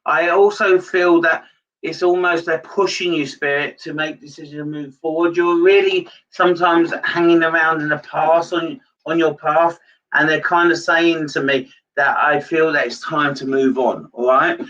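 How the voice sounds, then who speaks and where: A man's voice: on the high side, fairly even intonation, moderate pace, fairly bright tone. A man giving a live-streamed psychic reading, rambling and repeating himself with many hesitations. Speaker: psychic medium. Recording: dull lo-fi sound from a distance.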